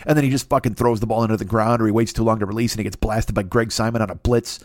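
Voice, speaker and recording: A man's voice: mid-range voice, steady tone, rapid-fire, hardly any pauses, a little mellow, dry recording, studio quality. A man doing a profane, rambling comic monologue as a podcast host, slipping into mocking voices. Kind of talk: crude comedic monologue.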